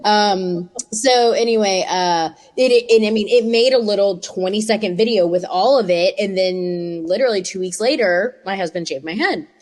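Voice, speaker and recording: A woman telling a story in casual podcast chat, animated and expressive. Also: mid-range voice, moderate pace, hardly any pauses. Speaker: podcast panelist.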